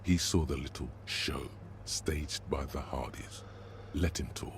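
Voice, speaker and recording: Cavernous game inner-voice narrator, grave and measured, background noise. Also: male voice, rumbling low, vocal fry, full character voice. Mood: ominous. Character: man's deep inner voice of a detective's mind.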